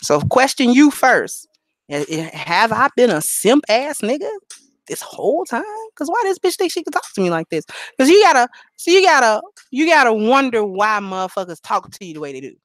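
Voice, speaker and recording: A woman's voice: on the high side, big pitch swings, moderate pace, no echo. A woman hosting a live stream, talking bluntly and profanely in a preachy, casual way. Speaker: livestream host.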